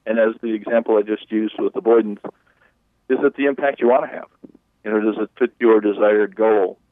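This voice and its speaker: A man's voice: lowish voice, steady tone, a little fast, no echo. A leadership coach explaining his approach in an interview, in a folksy, conversational way. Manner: folksy, conversational, acts out client quotes. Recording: tinny phone line.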